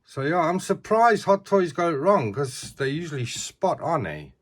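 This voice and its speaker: A man's voice: a little high, very animated, moderate pace. A middle-aged man, chatting casually as he reviews collectible figures and often ends sentences with "eh".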